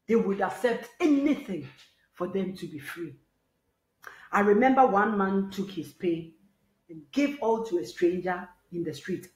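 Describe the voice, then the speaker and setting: A woman preaching a sermon, with passionate shouted calls to rise up. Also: lowish voice. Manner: impassioned, shouting rallying calls. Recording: echoey hall.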